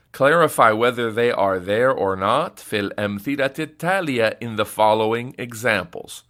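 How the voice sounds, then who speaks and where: A man's voice: lowish voice, fairly bright tone. A man teaching a recorded Arabic grammar lesson in English, patiently explaining step by step and reading Arabic phrases before translating them.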